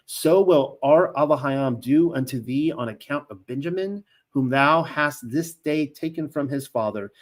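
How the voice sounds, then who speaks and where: A man teaching a scripture lesson, mixing formal readings of old text with loose, conversational commentary full of fillers and restarts. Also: mid-range voice. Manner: reads old-style scripture in an earnest, measured tone.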